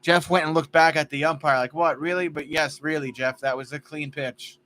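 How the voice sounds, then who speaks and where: A man doing casual play-by-play for a fan livestream, chatty and jokey, drifting into stories between pitches. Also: fairly even intonation, normal speed, sharp tone.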